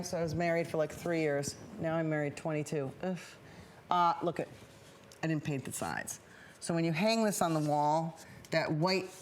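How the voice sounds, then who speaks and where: A woman's voice: fairly low pitch, slight background noise. A woman of fifty hosting a public access painting show, chatting in a rambling, upbeat way while she paints in a TV studio. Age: 50s. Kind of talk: chatty live painting demonstration.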